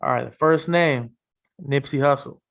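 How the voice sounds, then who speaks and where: A man hosting a casual sports interview podcast, talking in a relaxed, loose way with many fillers. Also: medium pitch, moderate pace, creaky. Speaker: podcast host.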